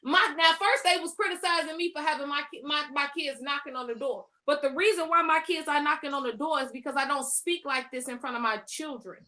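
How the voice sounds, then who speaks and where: A woman co-hosting a live stream, firing off profane, cutting comebacks. Her voice is high and bright. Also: fairly quick, hardly any pauses. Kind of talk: heated live commentary.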